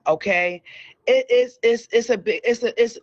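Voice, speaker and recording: A woman's voice: on the high side, normal speed. A talkative woman hosts a casual entertainment news chat, often repeating words for emphasis. Her voice sounds slightly dull and muffled, with very little room echo. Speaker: show host.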